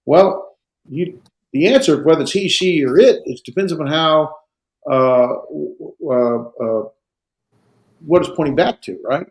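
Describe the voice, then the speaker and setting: A man lecturing on grammar to a small class, his voice gravelly with a creaky edge. He talks in halting bursts, full of "uh" and restarts. The sound is roomy and echoey. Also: a little high, lively intonation. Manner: hesitant, many fillers and restarts. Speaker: Greek instructor.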